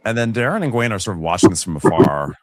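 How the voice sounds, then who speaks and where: A man's voice: on the low side, sing-song, fast talker, no room sound. A man co-hosting a podcast, chattily recapping a TV episode and acting out the characters. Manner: chatty, laughs easily, acts out the characters. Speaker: podcast co-host.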